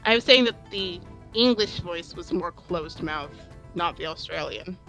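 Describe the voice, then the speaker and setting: A woman's voice: fairly low pitch, measured pace, fairly bright tone, faint music behind. A woman co-streaming a game, chatting casually, often laughing and apologizing. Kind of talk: casual chat.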